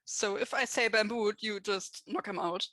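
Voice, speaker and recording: A woman's voice: mid-range voice, normal speed, a bit bright, no room sound, rough recording. A woman playing in a tabletop game, describing her character's actions and plans. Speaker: player. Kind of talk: casual tabletop role-play.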